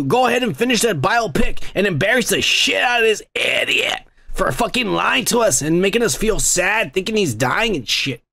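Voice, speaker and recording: A man's voice: high-pitched, lively intonation, moderate pace, vocal fry, sharp tone, breathy edge. A man hosting a comedy podcast, ranting and swearing constantly in a crude, rambling way. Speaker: podcast host. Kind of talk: crude drunken comedy rant.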